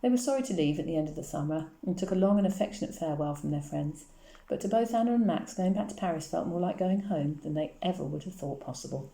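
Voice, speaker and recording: A woman reading a novel aloud in a measured, gently expressive way. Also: on the low side, gravelly. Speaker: audiobook reader. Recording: roomy echo.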